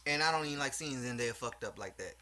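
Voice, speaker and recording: A man's voice: medium pitch, expressive, fast talker, pushed and bright. A man hosting a podcast in casual chat, blunt, profane and joking. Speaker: podcast host.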